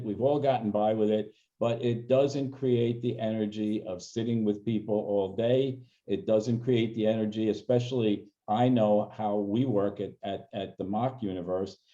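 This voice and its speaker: An older man with a fairly low, dark voice appears as a guest in an interview. He is a senior consultant, telling stories reflectively as he gives casual answers, and the recording has a dull lo-fi sound.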